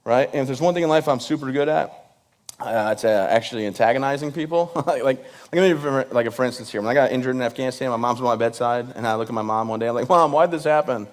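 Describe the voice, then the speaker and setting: Talking fast in a medium-pitched voice, a Michigan man who served in the military spins a comic tale on stage. He's self-deprecating and jokey, speaking right to the audience.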